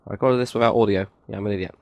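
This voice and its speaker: A man's voice: on the low side, fairly even intonation, very fast, creaky, a little mellow, dry recording, muffled recording. A man hosting a casual building tutorial, counting blocks aloud with chatty, self-mocking asides. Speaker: game tutorial host.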